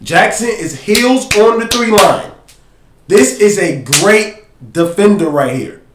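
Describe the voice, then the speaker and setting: A man with a high voice talks through game film on a casual podcast, slangy and animated. He keeps telling someone to pause and play. His voice rings in a roomy, echoey space. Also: background noise. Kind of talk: casual sports film breakdown.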